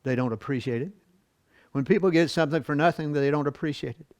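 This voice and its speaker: Brief: male church Bible teacher, folksy and chatty, chuckles between points, fairly high voice, dry close sound. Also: quick pace, darkish tone, no room sound. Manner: asks the class rhetorical questions. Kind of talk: church Bible lesson, reading and explaining scripture.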